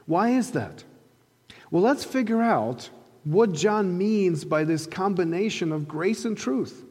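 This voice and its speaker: A man preaching a sermon, telling a story earnestly and slowing down to stress key phrases. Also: on the high side, a little mellow, in a large hall. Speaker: pastor.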